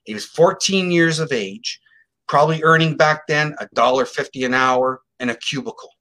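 A middle-aged man recounts a story as an interview guest, his voice bright and forceful. He talks in an animated, emphatic way, acting out the other people's lines as he goes. His voice sits a little higher than most men's. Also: moderate pace. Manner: animated, emphatic, acts out quotes. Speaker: guest psychic telling a case story.

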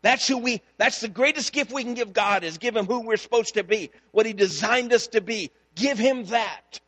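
A man's voice: sits high, moderate pace, in a large hall. A man, a pastor, preaching a sermon and telling a story, acting out the dialogue. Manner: storytelling, animated, acts out dialogue.

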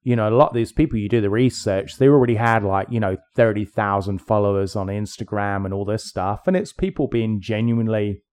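Low-voiced man, rambling and opinionated. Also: fairly quick, hardly any pauses, a little mellow. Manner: opinionated, rambling, lots of fillers. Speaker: podcast co-host. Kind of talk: casual chat.

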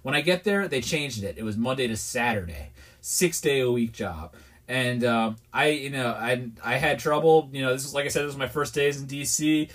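A man's voice: medium pitch, moderate pace, a bit bright. A man from New York, hosting a podcast and telling a rambling, exasperated story in a candid, casual way. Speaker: podcast host.

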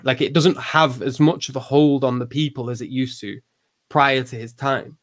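His mid-range voice keeps fairly even intonation at normal speed while he explains ideas conversationally. He often restarts and leans on fillers, and his volume rises when he acts out quotations.

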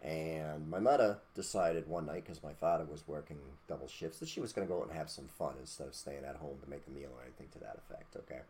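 A man's voice: extremely low pitch, fast, hardly any pauses, darkish tone. A man hosting a podcast, talking in a blunt, preachy, casual rant with mild cursing and a habit of asking "okay?". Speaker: podcast host.

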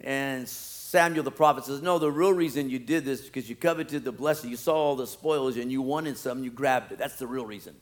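A man preaching a sermon, acting out scripture scenes and then dropping to quiet, wry asides. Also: brisk, few pauses. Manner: dramatic, swings from loud acted-out pleading to low asides.

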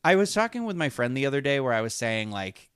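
Casting: male co-host, smooth resonant voice, dry close sound, chatty and halting. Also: mid-range voice, sing-song, fairly bright tone, no room sound. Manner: rambling, halting, many restarts and fillers. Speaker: podcast co-host. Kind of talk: casual fan chat.

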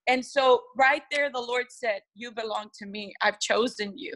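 A woman's voice: fairly high pitch, normal speed, fairly bright tone, poor audio. A woman lead pastor, from the United States, telling an earnest and emotional testimony in a podcast interview.

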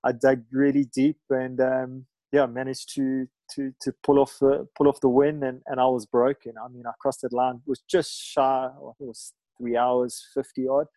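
A man's voice: medium pitch, little pitch movement, normal speed, warm tone, dry recording, rough recording. A middle-aged man telling a story in a rambling way, full of fillers and restarts. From South Africa. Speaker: guest, ocean ski paddler. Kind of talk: casual storytelling.

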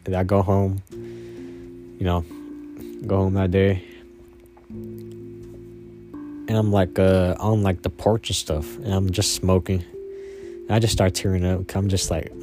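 Young man, very deep voice, casual slangy storytelling, many fillers, faint guitar music behind. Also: steady tone, a little slow, long pauses. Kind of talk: personal storytelling.

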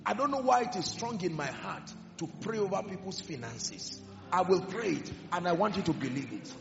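A man preaching a sermon with passion, swinging between loud declarations and hushed emphasis. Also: high voice, animated, normal speed, gravelly. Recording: echoey hall with music behind, dull sound. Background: music.

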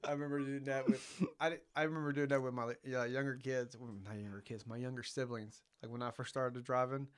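A man's voice: mid-range voice, a little fast, clear, resonant tone. A man co-hosting a parenting podcast, talking casually and often repeating words as he gathers his thoughts. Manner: relaxed, repeats words as he thinks. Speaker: podcast co-host and father. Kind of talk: casual chat.

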